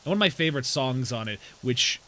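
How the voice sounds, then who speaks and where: A man's voice: medium pitch, expressive, quick pace, sharp tone, a little hiss or hum, low-quality recording. A man streaming a game, chatting casually and explaining things in a rambling way. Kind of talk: casual chat while gaming.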